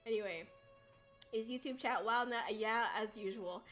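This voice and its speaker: A young woman chatting casually on a livestream, rambling and giggly with bursts of excitement. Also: a little high, moderate pace, faint music behind. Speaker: VTuber streamer.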